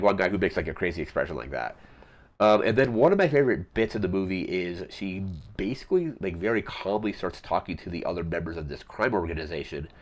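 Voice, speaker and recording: A man hosting a podcast, casually recapping a film in a rambling way full of fillers. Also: sits low. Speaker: podcast host.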